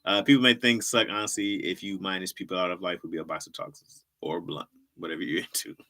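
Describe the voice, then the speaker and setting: A man's voice: low-pitched, steady tone, fast, sharp tone. A middle-aged man hosting a livestream, chatting casually in a rambling, repetitive way and laughing often. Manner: rambling, repeats himself, laughs often, reacts to chat. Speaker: livestream host. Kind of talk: casual stand-up style chat.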